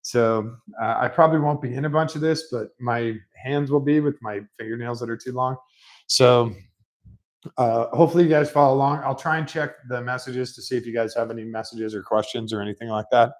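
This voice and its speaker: In his home garage, a mechanic casually explains a car repair for a workshop vlog, chatty, rambling and self-mocking. His mid-range voice is brisk with fairly even intonation, and the rough recording comes from a laptop set on a rolling stool.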